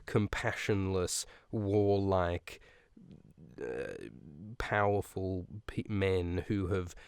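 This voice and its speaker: Low-voiced man rambling through a profane recap. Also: darkish tone, clear, resonant tone, no echo, clean studio sound. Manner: rambling, profane, jokey asides; laughs often mid-sentence. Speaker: podcast host. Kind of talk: casual comedic book recap.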